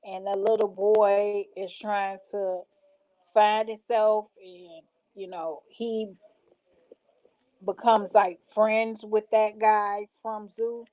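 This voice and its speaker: A woman's voice: mid-range voice, level tone, slow, warm tone, low-quality recording. A woman in casual vlog chat, reading out show titles and reacting with slangy asides. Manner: chatty, reads titles aloud, slangy asides. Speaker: vlogger reacting to show picks.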